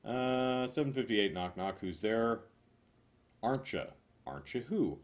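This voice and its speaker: Lively low-voiced guy reading jokes, big swings between loud and mumbled. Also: a little slow. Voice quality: animated, jumps between loud punchlines and mumbled asides. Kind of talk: rapid-fire joke reading.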